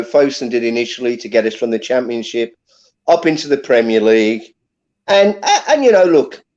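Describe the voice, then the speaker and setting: A man's voice: fairly high pitch, a little mellow. A man on a fan phone-in show, speaking emphatically and leaning on fillers like "you know, look". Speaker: fan panelist. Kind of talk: heated phone-in debate. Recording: muffled lo-fi line.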